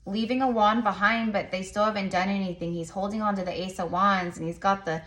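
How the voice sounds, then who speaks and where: A woman tarot reader speaks at a medium pitch with fairly even intonation and a fairly bright tone. Her casual reading for viewers meanders, packed with fillers and restarts, and she admits she talks quickly.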